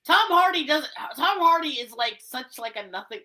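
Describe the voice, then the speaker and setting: Bright, lively casual woman. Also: high voice, moderate pace. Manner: blunt, profane, animated. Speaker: podcast co-host. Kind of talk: casual chat about voice casting.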